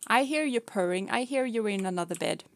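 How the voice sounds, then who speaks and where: A woman's voice: mid-range voice, animated, brisk. A young woman streaming a game, chatting casually and playfully, often laughing and scolding her pet cats. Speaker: vtuber streamer.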